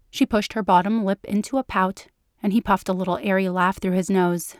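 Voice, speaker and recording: Woman reading a story slowly, dry sound. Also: medium pitch, steady tone, no room sound. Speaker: narrator. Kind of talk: scripted story narration.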